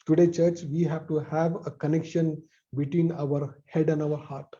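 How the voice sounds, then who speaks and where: A man's voice: on the high side, flat delivery, normal speed. Man preaching over a dull video call. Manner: repetitive, emphatic with soft drops. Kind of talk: sermon.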